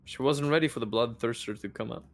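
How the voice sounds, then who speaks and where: A man's voice: mid-range voice, quick pace. A man playing in a tabletop game, chatting and joking playfully with the other players. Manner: playful, jokey banter. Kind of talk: casual chat at a tabletop game.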